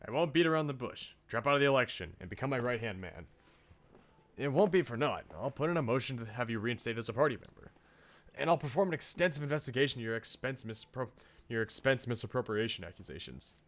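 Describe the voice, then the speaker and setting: A man's voice: mid-range voice, animated, fast talker, fairly bright tone, close to an everyday voice. Man playing a scheming party politician, blunt, commanding, game dialogue.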